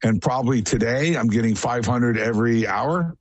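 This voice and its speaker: A man's voice: medium pitch, normal speed, no echo. A man guest in a casual radio interview, telling long, rambling stories in a matter-of-fact way.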